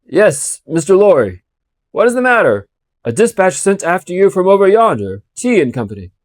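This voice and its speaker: A man voicing a hoarse, mud-covered messenger calling out from the mist. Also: sits high, very animated, normal speed, no echo, clean studio sound, voice pushed up. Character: hoarse muddy male messenger rider.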